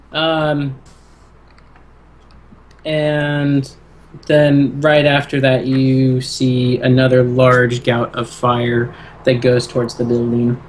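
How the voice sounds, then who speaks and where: A man narrating a tabletop role-playing game as game master, halting with many fillers. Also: mid-range voice.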